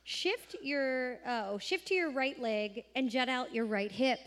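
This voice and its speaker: A woman's voice: high voice, measured pace. A woman reading dance steps aloud at a church service, cheerful and encouraging. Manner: cheerful, encouraging, laughs along. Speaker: congregant reading dance instructions. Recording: long hall reverb.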